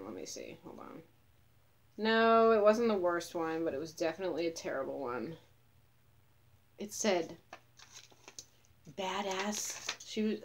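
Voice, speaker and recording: A woman's voice: lowish voice, a bit bright. A young woman ranting in a casual vlog, profane, sarcastic and scornful as she recounts what she saw. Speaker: vlogger.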